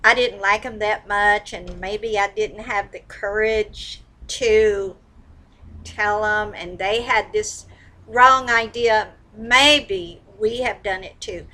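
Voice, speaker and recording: Bright-voiced woman leading a tapping session. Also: a little high, rough recording. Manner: emphatic, swings into mock anger and cussing. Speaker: psychic and EFT tapping coach.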